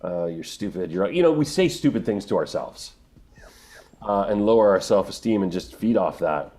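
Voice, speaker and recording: A middle-aged man, a voice actor, answering interview questions in an earnest, emotional way, often pausing and restarting. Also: lowish voice, sing-song, dark tone. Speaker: voice actor guest.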